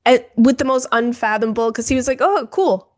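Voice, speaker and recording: A woman's voice: fairly high pitch, quick pace. Gossipy young woman with a raised voice. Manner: gossipy, animated storytelling with quoted voices. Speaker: podcast co-host. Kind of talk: casual chat.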